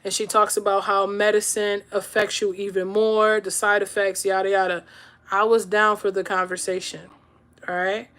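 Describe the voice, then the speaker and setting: A woman in her thirties, a podcast host, tells a story to camera in a chatty way, checking in with viewers through "all right?" and "right?". Her medium-pitched voice is a bit bright, holds a fairly level pitch, and moves at normal speed.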